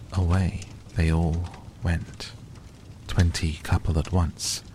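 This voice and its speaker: Deep, slow, gravelly male narrator. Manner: soft, calm, gentle reading. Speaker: audiobook narrator. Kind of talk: soft bedtime audiobook narration. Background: faint crackling fire.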